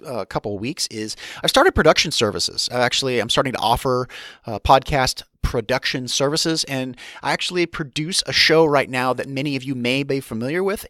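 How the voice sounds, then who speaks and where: A man with a medium-pitched, fairly bright voice hosts his own podcast solo, recorded in a dry studio with studio-quality sound. His monologue is casual, candid and rambling, full of restarts and asides.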